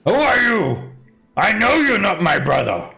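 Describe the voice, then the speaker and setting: A man's voice: huge pitch swings, unhurried, vocal fry, bright, forceful tone, soft background music, heavily acted. A man voicing a dim-witted male orc guard who speaks in broken, simple sentences. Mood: suspicious. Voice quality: deep, broken simple speech.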